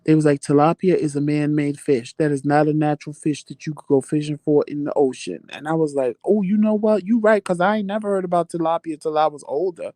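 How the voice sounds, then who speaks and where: Man hosting a loose live chat, slightly high voice, dry close sound, swears freely, animated storyteller. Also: a little fast, hardly any pauses, dry recording. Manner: animated, profane, laughing storyteller. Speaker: livestream chat host. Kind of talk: casual live chat answering viewer comments.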